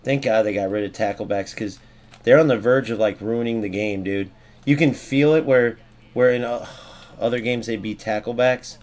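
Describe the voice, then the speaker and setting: Excitable man ranting over gameplay. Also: medium pitch, normal speed. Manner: excitable, swears, rants at the game. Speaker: gaming streamer. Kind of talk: live gameplay commentary.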